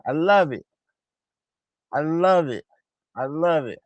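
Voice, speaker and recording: A man hosting a casual reaction show, talking excitedly and in slang over game highlights and repeating himself. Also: slow pace, no room sound, muffled recording. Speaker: host of a basketball reaction channel.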